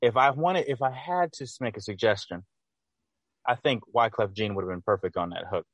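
A man co-hosting a podcast, giving enthusiastic, animated opinions in a casual music review chat. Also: fairly low pitch, fairly quick, no echo, muffled recording. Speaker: podcast co-host.

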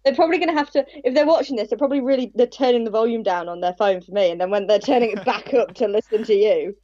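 A woman's voice: on the high side, fast talker, warm tone, no echo. A woman co-hosting a podcast from home, telling stories in a chatty, giggly way into her own microphone. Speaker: podcast co-host. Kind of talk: casual chat. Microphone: own desk microphone. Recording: dull lo-fi home mic.

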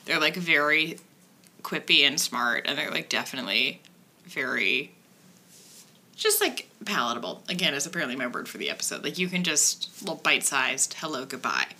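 Bright-voiced chatty woman. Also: sits low, very animated, moderate pace. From Ireland. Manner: chatty, filler-heavy, wry. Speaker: podcast co-host. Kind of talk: casual chat, telling a true crime story.

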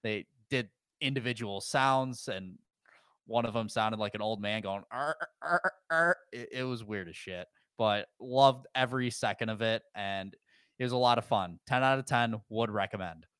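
Man, low pitch, smooth voice, podcast co-host, casual storytelling. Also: moderate pace, no room sound. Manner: chatty storyteller, relaxed and joking. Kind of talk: casual chat.

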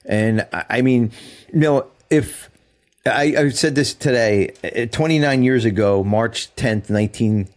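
A man's voice: medium pitch, unhurried. A man in his fifties co-hosting a recovery podcast, speaking in an earnest, reflective way and laughing easily. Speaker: podcast co-host. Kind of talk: casual recovery podcast chat.

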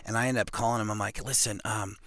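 A Montana-born pro arm wrestler talks fast in a fairly low voice while guesting on a podcast. He tells a long, casual story, rambling and animated, repeatedly asking "you know what I mean."

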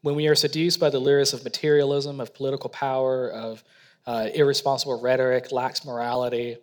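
A man preaches a sermon with earnest emphasis, slowing down to lean on key words. His voice sits at an ordinary middle pitch. A long hall reverb trails after each phrase, as if he is standing in a church sanctuary. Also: level tone. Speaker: missionary preacher.

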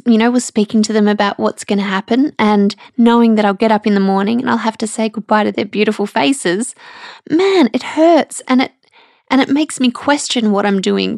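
Aussie woman in her 30s, teary and halting, candid podcast chat, dry sound. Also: medium pitch, vocal fry, a little mellow, no room sound. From Australia. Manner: candid and emotional, halting with restarts. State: tearful. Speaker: podcast host. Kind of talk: personal podcast monologue.

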